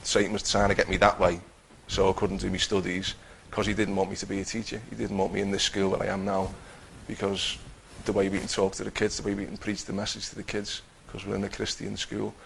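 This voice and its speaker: A middle-aged man telling his personal Christian testimony in an earnest, halting way, with many restarts. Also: on the low side, monotone, gravelly, a bit bright, slight background noise, rough recording. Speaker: Christian teacher giving testimony.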